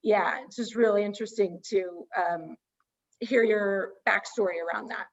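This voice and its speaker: A woman's voice: mid-range voice, fairly even intonation, normal speed. Reflective woman host, dull lo-fi sound. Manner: searching, restarts phrasing while reflecting. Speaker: interview host. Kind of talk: post-screening talk.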